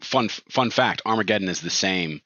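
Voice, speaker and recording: A man co-hosting a film podcast in casual chat, relaxed and agreeable. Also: sits low, normal speed, no echo. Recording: dull, dry sound.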